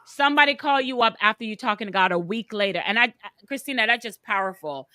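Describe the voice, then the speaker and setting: Brief: female coach-host, high, forceful voice, preachy and emphatic. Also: expressive, fast talker, clean tone, no room sound. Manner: preachy, emphatic, speaks straight to listeners. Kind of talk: motivational interview talk.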